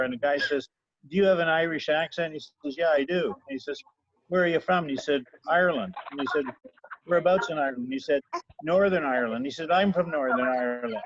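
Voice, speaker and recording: An older man telling a family story and a joke in a rambling, repetitive way on a video call. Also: fairly high pitch. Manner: rambling, repeats himself while telling a joke. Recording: muffled video call audio.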